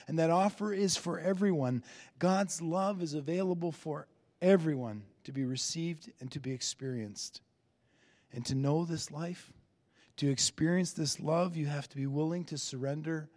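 A man preaching a sermon earnestly, lifting his voice on key phrases and easing into soft endings. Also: a little high, long reverb tail. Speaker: pastor.

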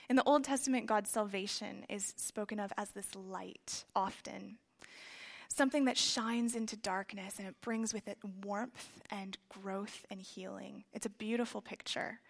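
A woman preaching a sermon in a conversational, reflective way, with soft trailing phrases and frequent fillers. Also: medium pitch, gravelly. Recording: long reverb of a large hall.

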